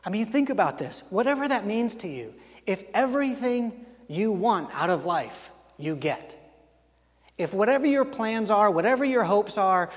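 A man preaching a sermon as a pastor, talking conversationally with frequent restarts and acted-out quotes. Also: sits high. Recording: long hall reverb.

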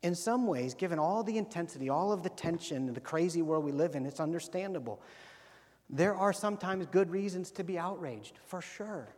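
A male pastor preaching a sermon, dropping to hushed slow emphasis and rising to loud, animated bursts. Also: on the high side. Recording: long hall reverb.

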